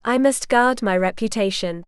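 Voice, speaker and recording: Lady doing a haughty rich noblewoman, condescending, smooth and a bit high. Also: moderate pace, no room sound, clean studio sound, close to an everyday voice. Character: haughty proud noble lady, coolly hostile.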